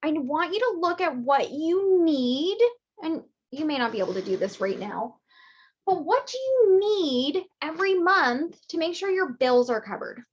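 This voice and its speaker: A woman business coach teaching in a casual, lively way, acting out little quoted voices with big jumps in pitch. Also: measured pace, muffled recording. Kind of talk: teaching monologue.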